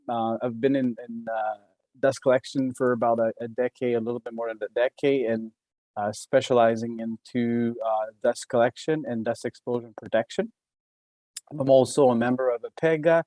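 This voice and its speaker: A man's voice: mid-range voice, darkish tone, no echo. A man with a Québécois French accent giving a webinar presentation as an engineer, talking hesitantly with many fillers and restarts. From Quebec.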